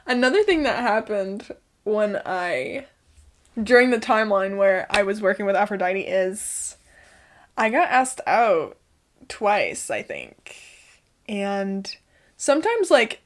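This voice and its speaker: A woman's voice: on the high side, animated, moderate pace, a bit bright. A young woman talking to camera in a casual, chatty way, swearing freely and laughing often as she shares her routines from home. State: out of breath. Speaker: spiritual lifestyle vlogger.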